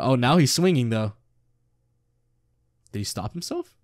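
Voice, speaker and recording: Excitable man reacting to a manga. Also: medium pitch, a little slow, no echo, studio quality. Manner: casual, excitable, swears freely. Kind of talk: reading a manga aloud with reactions.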